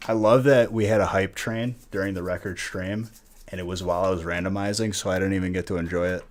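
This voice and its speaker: This low-voiced man talks fast with fairly even intonation, and slight background noise sits under his speech. He's live streaming as he opens card packs, joking around in a laid-back way and addressing people in chat by name.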